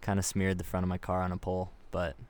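Low-voiced young man with dry quips. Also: monotone, fast talker, a little mellow. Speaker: podcast host. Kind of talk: casual chat.

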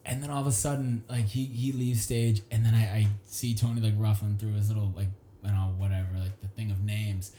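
A man's voice: on the low side, a little fast, reverberant, slight background noise. A young man, a comedian, telling a story in casual chat and acting out the voices in it. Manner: animated, acts out voices in his stories. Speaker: comedian guest.

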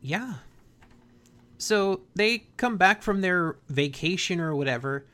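A man's voice: sits high, animated, slow pace, pushed and bright. A man in casual chat, recapping an episode in a laid-back, slangy way. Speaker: podcast host.

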